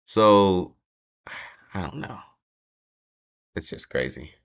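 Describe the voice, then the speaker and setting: His voice is deep, gravelly and animated, and he takes things slowly. He's a young man hosting an informal wrestling prediction chat, rambling and unsure, full of fillers and restarts, recorded at home with dull, lo-fi sound.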